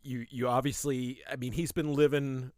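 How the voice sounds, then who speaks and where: A man's voice: mid-range voice, flat delivery, moderate pace, a little mellow, no room sound, studio quality. A man co-hosting a podcast, asking long, hesitant questions full of fillers. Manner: rambling, hesitant questions with many "like"s. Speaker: podcast co-host. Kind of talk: conversational interview.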